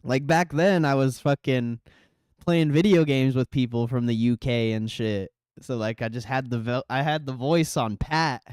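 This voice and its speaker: A man hosting a live stream, chatting casually and reading out viewer comments, relaxed and profane. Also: mid-range voice, normal speed, clear, resonant tone, no room sound, studio quality. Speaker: livestream host.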